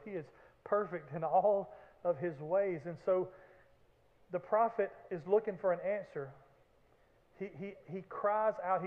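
A man preaching a sermon as pastor, animated, with acted-out shouts and joking asides. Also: high-pitched. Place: church sanctuary. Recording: echoey hall, phone-like band.

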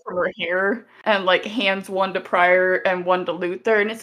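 A woman's voice: fairly low pitch, steady tone, normal speed, fairly bright tone. Hesitant woman narrating her game character. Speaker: tabletop game player. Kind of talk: casual game-table chat.

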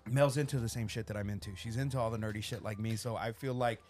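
A man's voice: fairly low pitch, quick pace, faint music behind. A man in his thirties hosting a casual podcast, swearing freely and telling family stories in a loose, rambling way. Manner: swears constantly, animated storytelling with acted-out quotes. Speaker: podcast host.

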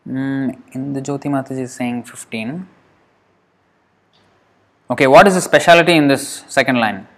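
In an online Sanskrit class held by video call, the male teacher talks patiently at a middle pitch. One by one he reads his students' answers aloud, dividing words into syllables that he stretches slowly as he counts.

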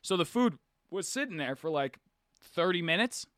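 A man's voice: high voice, normal speed, no room sound, clean studio sound. A young man on a podcast, casually telling a story and acting out the people in it, with the odd swear. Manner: animated storyteller, acts out quotes, swears casually. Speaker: podcast co-host.

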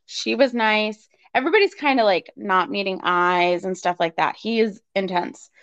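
A woman of average pitch recounts her own experience in a lively conversational way, slipping into the voices of the people she quotes and dotting her speech with fillers. The recording is slightly dull and lo-fi. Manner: animated, acts out quoted dialogue with fillers. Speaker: guest telling her story. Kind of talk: conversational personal storytelling.

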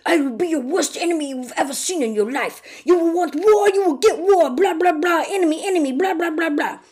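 A woman's voice: on the high side, lively intonation, fairly quick, a little mellow, voice pushed up. Mock-French con man, as a woman puts him on. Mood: irate. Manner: melodramatic, mocking. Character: blustering male con man, self-pitying and threatening.

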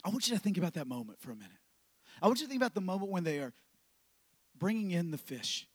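High-voiced pastor preaching with fervor. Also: male voice, big pitch swings, quick pace, slightly rough, dry recording. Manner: swings from loud shouting to hushed whispers, repeats phrases for emphasis. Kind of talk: sermon.

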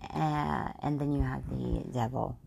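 A woman's voice: very deep voice, fairly even intonation, a little slow, gravelly, dark tone, slight background noise. A woman giving a casual tarot reading, swearing and laughing as she rambles with many fillers. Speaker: tarot reader.

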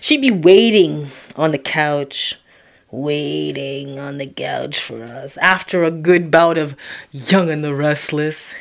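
A woman from Toronto narrating her own life story in a reflective way, with long pauses. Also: deep voice, creaky. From Toronto, Canada. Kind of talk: personal storytelling.

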